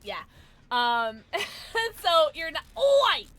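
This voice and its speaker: A tipsy woman livestreaming a game, chatting casually with her viewers, giggling and breaking into loud squeals and shouts. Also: a little high, lively intonation, normal speed. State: tipsy from drinking. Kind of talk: casual livestream chat while gaming.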